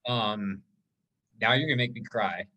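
A man's voice: on the low side, measured pace, sharp tone, low-quality recording. A man on a podcast, telling an emotional story about an ultramarathon in a casual, rambling way with many fillers.

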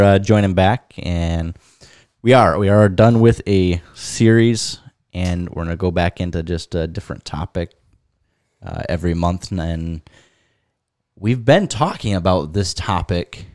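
Male co-host, deep voice, deadpan banter, close dry sound. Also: measured pace, dry recording. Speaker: podcast co-host. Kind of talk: casual chat.

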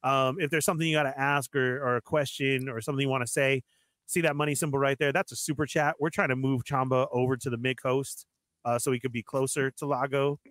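A man's voice: mid-range voice, fast, dry recording, clean studio sound. A man hosting a live toy collector stream, welcoming viewers by name and laughing along with his co-hosts. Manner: energetic, laughs a lot. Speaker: host.

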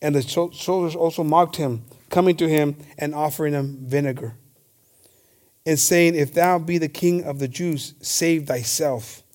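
A man's voice: a little high, unhurried, darkish tone. Bilingual man preaching a sermon. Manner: switches between English and Spanish, repeats "hermanos"; stammers and restarts often. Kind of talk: bilingual sermon with scripture reading.

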